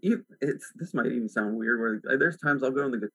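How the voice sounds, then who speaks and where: A man hosting a podcast from home, chatting loosely and circling his points with a string of fillers. His voice is bright and forceful, in a dry, close recording with no room sound. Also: medium pitch, fast talker, husky, no room sound, rough recording. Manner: relaxed, rambling, many "like" fillers. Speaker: podcast host. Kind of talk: casual chat.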